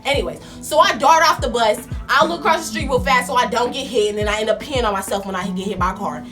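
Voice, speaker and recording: A young woman vlogger telling a casual story in a slangy, animated way, acting out her own lines. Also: fairly high pitch, fast, faint music behind.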